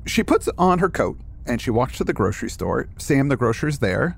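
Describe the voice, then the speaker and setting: Man, podcast co-host, gravelly voice, lively pitch, casual plot retelling. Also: a little fast, hardly any pauses. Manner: retells the plot conversationally, acting out quoted lines. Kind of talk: casual story discussion with read-aloud passages.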